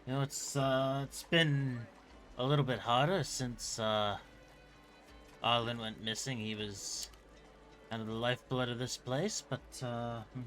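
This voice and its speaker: A man's voice: mid-range voice, steady tone, a bit bright, faint music behind, natural voice. A man voicing a weary old shopkeeper woman. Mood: worried. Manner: hesitant, halting with many fillers. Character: elderly woman shopkeeper, worried, weary, plain-spoken.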